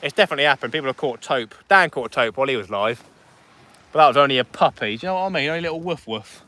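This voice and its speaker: A man's voice: medium pitch, animated, rapid-fire, pushed and bright. A man chatting casually on a fishing livestream outdoors on a beach at night, reading out viewer comments as he goes.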